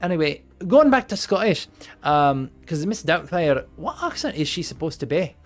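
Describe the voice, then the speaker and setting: A man's voice: a little high, very animated, moderate pace, faint music behind. A man running a tabletop game on a live stream, chatting casually, joking, swearing and laughing often.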